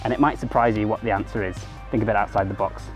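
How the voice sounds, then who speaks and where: Male vlogger, quick rambling delivery, faint background music. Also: lowish voice, steady tone. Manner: rambling, conversational, corrects himself mid-sentence. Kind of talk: casual self-help monologue to camera.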